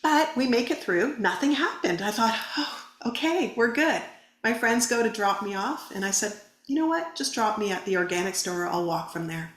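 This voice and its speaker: A woman's voice: medium pitch, moderate pace. Woman guest telling her story on a podcast, earnest, quotes everyone, echoey room. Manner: earnest, vivid retelling with quoted dialogue. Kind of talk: personal story in a podcast interview. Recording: roomy echo.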